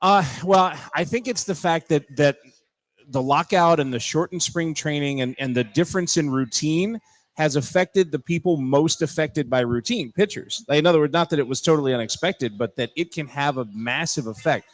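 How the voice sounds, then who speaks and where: A man guesting on a live radio show from a bar, telling animated stories and mimicking accents. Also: a little high, moderate pace, no echo. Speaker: TV reporter guest. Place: bar, live remote broadcast.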